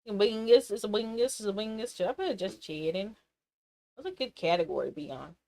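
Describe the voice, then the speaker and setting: A woman streaming live, chatting casually in a goofy, rowdy way, playfully yelling silly insults. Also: medium pitch, animated, a little fast. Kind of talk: casual livestream chat.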